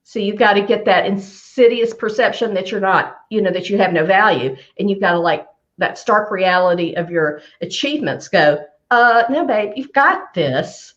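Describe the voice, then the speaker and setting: A woman career coach giving advice on a live show, emphatic and animated, repeating her key phrases for effect. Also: mid-range voice, moderate pace, highs cut off.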